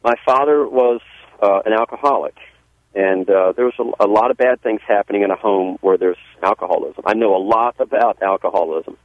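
A man's voice: lowish voice, a little fast, no room sound. A man with a Southern US accent, a pastor telling his life story in a radio interview, earnest and folksy, often restarting his sentences. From Southern US (Georgia). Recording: dry, phone-like radio line.

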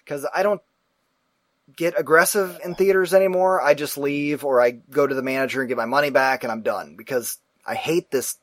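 A man hosting a casual talk show, telling a story in a profane, animated way and acting out the people in it. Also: fairly high pitch, moderate pace, no room sound. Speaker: podcast host.

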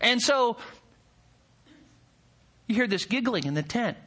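A man's voice: very high voice, animated, slow, pushed and bright. A male pastor preaching a sermon that explains a text. He speaks emphatically, stresses key words and puts rhetorical questions to his listeners. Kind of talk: expository sermon.

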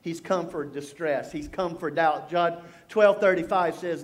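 A middle-aged man preaching a sermon as a pastor, telling stories and shifting from loud humor to hushed, intense appeals. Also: fairly high pitch, unhurried. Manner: storytelling, swings from loud jokes to hushed intensity.

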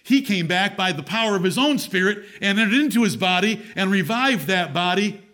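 A man's voice: sits high, expressive, fairly quick, sharp tone. A man preaching a sermon as pastor, reading scripture aloud with strong emphasis.

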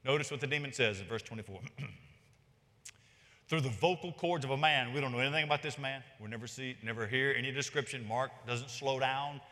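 A man's voice: medium pitch, moderate pace, sharp tone. A man preaching an expository sermon, talking emphatically and rising on his key points. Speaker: pastor. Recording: long reverb of a large hall.

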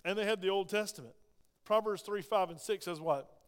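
High-voiced preacher in a reverberant hall. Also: male voice, clear, resonant tone. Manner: animated preaching with humor, quick asides and rhetorical questions. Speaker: pastor. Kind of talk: sermon. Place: church sanctuary.

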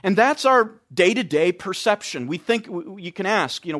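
A man's voice: high voice, fairly quick, hardly any pauses, fairly bright tone. A man preaching an expository sermon, stressing key phrases by repeating them.

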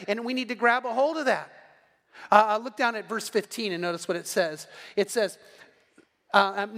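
A man's voice: high voice, fairly bright tone, big-room sound. A man preaching a sermon as pastor, talking conversationally and acting out little quotes.

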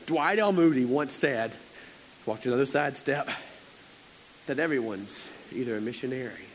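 A man's voice: mid-range voice, lively intonation, normal speed, pauses often, a little hiss or hum, low-quality recording. A man preaching a conversational sermon, telling stories in a chatty, playful way with lots of fillers and acted-out quotes.

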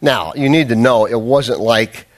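A man's voice: medium pitch, a little slow. A man preaching a sermon as a pastor, telling a self-deprecating personal story with humor, then pressing his point with earnest, fervent emphasis.

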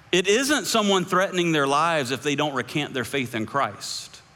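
Bright-voiced man preaching in an echoing hall. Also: moderate pace, hardly any pauses. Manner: conversational preaching that climbs high when voicing others' views. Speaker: pastor. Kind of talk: sermon. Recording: long echoing hall reverb.

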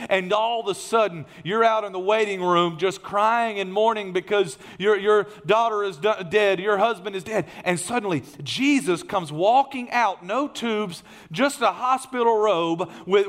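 A pastor retells a story from the pulpit in a fairly high voice. He builds to loud, excited bursts and then drops to near hushes. His telling is lively and conversational. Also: normal speed, hardly any pauses. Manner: animated storytelling, swings between loud and hushed. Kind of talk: sermon.

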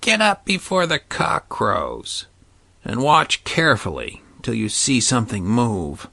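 A man voicing an old witch in a storybook reading, speaking hushed and drawn out. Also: mid-range voice, big pitch swings, unhurried, gravelly, no room sound, full character voice. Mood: conspiratorial. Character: old witch, secretive and knowing.

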